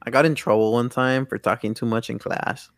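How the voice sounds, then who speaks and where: A man's voice: mid-range voice, fairly quick. A young man in his late teens co-hosting a podcast, telling profane stories in casual chat and laughing a lot. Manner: animated, profane storytelling with frequent laughter. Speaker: podcast co-host.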